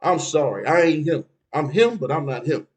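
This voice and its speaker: A man's voice: fairly high pitch, animated, moderate pace, poor audio. A man giving street advice in a casual, preachy monologue, dropping "man" between phrases.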